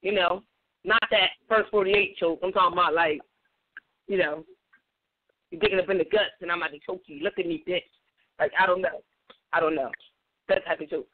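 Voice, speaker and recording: A woman's voice: on the low side, fairly even intonation, a little hiss or hum. A woman co-hosting a casual radio talk show, giggly and candid, speaking on a tinny phone-like recording. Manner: giggly, candid, fast-talking. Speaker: co-host.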